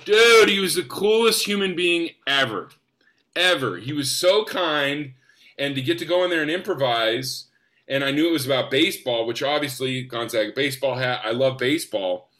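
A young man from the United States, an actor guest, telling stories in an enthusiastic, animated way. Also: mid-range voice. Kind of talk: casual storytelling.

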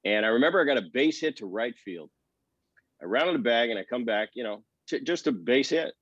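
Brief: man in his fifties, ex-ballplayer guest, lively yarn-spinner, dry slightly muffled sound. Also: mid-range voice, brisk, breathy edge, no room sound. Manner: animated storyteller, acts out quoted dialogue. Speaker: former baseball player, guest. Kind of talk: relaxed storytelling interview.

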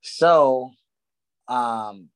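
A man's voice: mid-range voice, extremely slow, clear, resonant tone, low-quality recording. A young man who fights, chatting casually and laid-back, saying "bro" and "dude" a lot. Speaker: fighter, podcast co-host. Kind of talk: casual chat.

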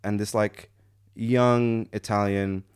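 A man's voice: lowish voice, little pitch movement, slow, clean tone, dry recording, studio quality. A young man from Canada casually telling a story on a podcast, laughing as he acts out the other people's lines.

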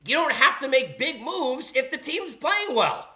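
A man's voice: extremely high pitch, sing-song, measured pace, sharp tone. A man hosting a sports podcast, ranting bluntly and sarcastically. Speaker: podcast host. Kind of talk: opinionated sports rant.

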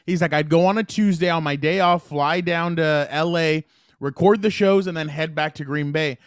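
A man chats casually about football, rambling through anecdotes and acting out quotes. His voice sits a little high, and it is recorded dry and close. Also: normal speed, clear, resonant tone, dry recording. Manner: rambling, many restarts, retells stories with quoted voices. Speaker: sports talk co-host. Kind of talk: casual sports chat.

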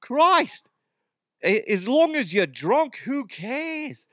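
A man's voice: very high voice, big pitch swings, extremely slow, a bit bright, no room sound, clean studio sound, voice pushed up, heavily acted. A man voicing a brash, boozy Australian bloke with a put-on Australian accent.

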